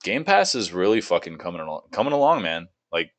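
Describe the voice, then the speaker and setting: A man's voice: low-pitched, very animated, brisk. A young man hosting a casual gaming podcast, loose and profane, laughing a lot and reading game blurbs aloud. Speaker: podcast host.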